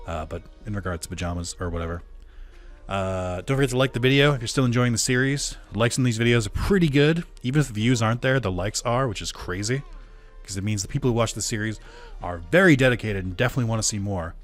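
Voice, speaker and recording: A man's voice: lowish voice, fast talker, soft background music. A young man casually commenting on his gameplay, rambling and self-deprecating. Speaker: let's play creator.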